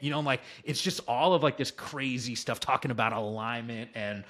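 A man's voice: medium pitch, normal speed, fairly bright tone. A man, a sports broadcaster, tells stories as a podcast guest in an enthusiastic, rambling way, full of "like" and "right?". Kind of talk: casual podcast storytelling.

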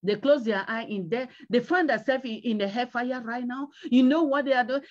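A high-pitched woman evangelist preaches a sermon, driving her points home through repetition and pleading exhortation. The recording sounds dull and lo-fi. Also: brisk, few pauses.

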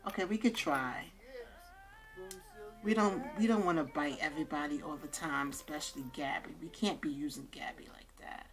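A woman's voice: low-pitched, moderate pace. A young woman hosting a let's-play video, chatting casually in slang and talking to her game characters. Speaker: gaming channel host.

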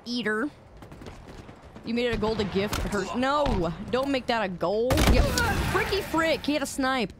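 A woman's voice: fairly high pitch, moderate pace, noisy background. A woman streaming a game, chatting playfully with her chat and laughing and protesting as she plays. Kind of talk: casual live-stream chatter.

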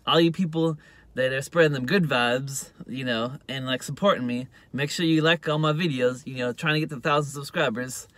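Bright-voiced rambling man vlogger. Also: medium pitch, fairly quick, no room sound. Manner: rambling, heavy use of "you know" fillers. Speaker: YouTube vlogger. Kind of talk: casual rambling monologue to camera. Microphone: phone.

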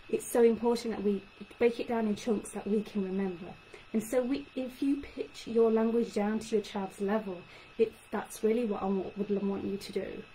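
A young woman, a speech and language therapist explaining tips to parents in an animated way. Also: mid-range voice, low-quality recording. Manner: animated, acts out child-directed phrases. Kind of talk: talk to parents. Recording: faint background noise.

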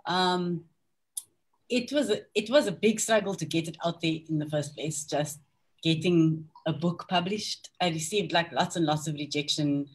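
A woman's voice: low-pitched, normal speed, breathy edge. A woman author on a panel discussion, speaking candidly and reflectively about her novel, with frequent ums and restarts. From South Africa.

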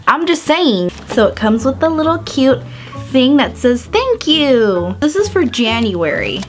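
Bubbly young woman, high and lively. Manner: bubbly and gushing, gasping often, filler-heavy with "like". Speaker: vlogger host. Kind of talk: casual unboxing chat.

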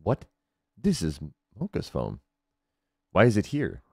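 A man's voice: lowish voice, wildly swooping pitch, slow, vocal fry, dark tone, no echo. A young man streaming a horror game, talking nervously with jumpy, self-mocking remarks. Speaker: gaming streamer. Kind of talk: horror game let's play commentary.

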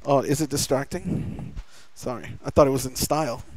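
A middle-aged man with a medium-pitched voice preaches as pastor at a moderate pace in a church sanctuary. Jokey and chatty with the congregation, he tells a family story with acted-out dialogue. The recording is rough.

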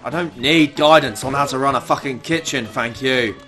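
A man's voice: mid-range voice, moderate pace, sharp tone, faint music behind, lightly acted. A man doing a swearing furious chef. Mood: weary. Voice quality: constant swearing, exasperated sighs. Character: foul-mouthed furious male celebrity chef. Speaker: gamer doing a parody voice. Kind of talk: comedic gameplay commentary.

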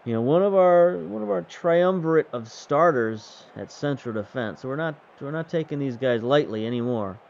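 A man's voice: fairly high pitch, lively intonation, normal speed, gravelly, few pauses, darkish tone, lo-fi sound. A man giving casual, wry play-by-play commentary while playing a football management game. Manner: wry, chatty, self-mocking. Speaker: gaming video host.

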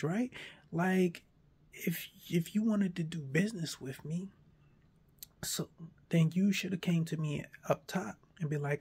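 A man in a casual monologue, arguing a point in an animated way and acting out imagined back-and-forth dialogue. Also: fairly high pitch, unhurried, slightly rough.

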